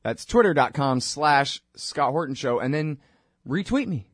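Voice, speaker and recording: A man's voice: mid-range voice, moderate pace, fairly bright tone, dry recording. A man hosting his own radio show, rambling informally and wryly between plugs. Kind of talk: casual monologue with plugs.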